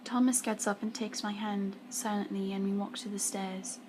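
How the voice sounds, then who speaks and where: A woman, a student, reading a first-person romance story aloud in a soft voice that often drops to a half-whisper. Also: medium pitch, fairly even intonation, normal speed, background noise. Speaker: student reader.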